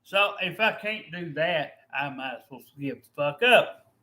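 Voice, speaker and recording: A man with a high, bright and forceful voice rants angrily, cursing in nearly every line. He sounds tired and fed up, and he talks in a loose, casual way. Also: lively intonation, measured pace. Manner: angry, profane ranting. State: weary and fed up. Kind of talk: casual rant.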